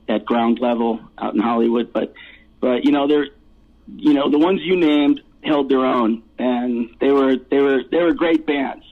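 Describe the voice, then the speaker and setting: A male rock singer telling rambling stories in a casual interview, laughing often and swearing freely. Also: medium pitch. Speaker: rock vocalist guest. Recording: tinny phone line.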